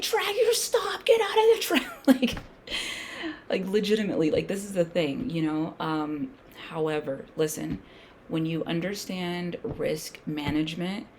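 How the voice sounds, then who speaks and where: A woman with a gravelly, fry-edged voice sitting a little low for her sex talks through her trades in a loose, slangy way. She coaches her viewers with emphatic repetition and now and then drops to a near whisper, with faint noise behind her. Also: darkish tone. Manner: slangy, thinks aloud, sometimes drops to a whisper. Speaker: day trader streaming a trading session. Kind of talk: casual talk-along while trading.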